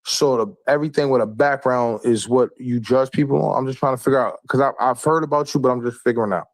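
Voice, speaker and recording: A man's voice: medium pitch, fast talker, no room sound. Insistent New man, dry sound. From Queens, New York. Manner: insistent, argumentative, repeats himself to make a point. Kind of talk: heated conversation.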